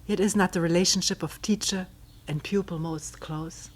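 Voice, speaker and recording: A woman giving a reflective retreat talk as a meditation teacher, reading a commentary aloud in a slow, thoughtful way, often dropping to a breathy near-whisper, wry at times. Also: on the low side, steady tone. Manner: wry, with soft laughs.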